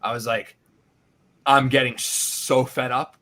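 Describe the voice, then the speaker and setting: A male podcast host telling a casual, animated story, swearing freely and acting out his own reactions. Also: medium pitch, slow pace.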